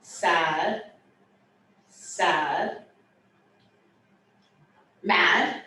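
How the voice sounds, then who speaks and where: Slow, lively, and playful, a mid-range-voiced woman explains and demonstrates signs in a sign language class held both in person and over video call. Faint room noise and a roomy echo come through, since the mic sits far from her.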